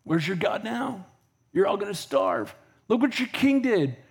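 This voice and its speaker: A man's voice: high voice, very animated, unhurried, creaky, breathy edge, heavily acted. A man voicing an arrogant enemy messenger who taunts a besieged city, sneering and threatening in a somewhat raised voice. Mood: mocking. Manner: mocking, boastful, threatening.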